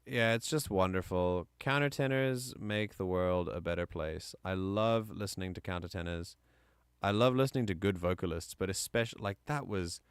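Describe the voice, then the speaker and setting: A man's voice: on the low side, moderate pace, a bit bright, clear, resonant tone, no echo, clean studio sound. A man streaming live, chatting casually and enthusiastically, often rambling and correcting himself mid-sentence.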